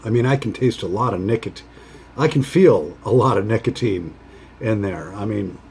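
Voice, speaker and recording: A man hosting a pipe-smoking vlog, chatting casually in a rambling, halting way with many fillers. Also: fairly low pitch, creaky, darkish tone, a little hiss or hum. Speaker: pipe-smoking channel host.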